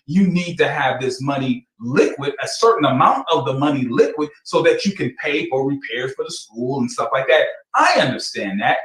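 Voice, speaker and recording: A man's voice: on the high side, a bit bright. A man working as a financial advisor, giving commentary on financial records, laughing often and sounding incredulous and emphatic. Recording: roomy echo.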